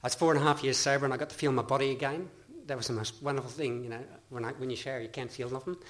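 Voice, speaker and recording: Man, Australian accent, middle-aged, earnest, rambling, personal testimony, middle pitch. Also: steady tone, racing, fairly bright tone. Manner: earnest, rambling, with frequent restarts and laughs. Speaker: speaker sharing his recovery story.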